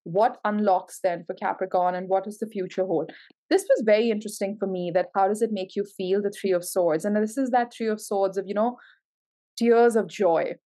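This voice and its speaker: A woman's voice: medium pitch, brisk, mellow. Gushing woman tarot reader. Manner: gushing, emotional, exclamatory. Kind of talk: tarot reading to camera.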